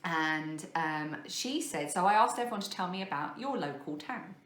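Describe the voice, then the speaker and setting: Woman, 30s, rambling craft podcast host, lowish voice, roomy echo. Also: expressive, normal speed, a bit bright. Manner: rambling, self-deprecating, many fillers. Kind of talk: casual chat showing crafts to camera. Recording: echoey room.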